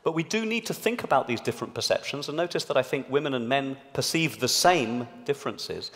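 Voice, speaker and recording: Man, panel speaker, animated pitch, long hall reverb, addressing audience. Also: a little fast. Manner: lively, explanatory, addressing a live audience. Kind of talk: public talk at a debate event. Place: large hall. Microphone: amplified stage microphone.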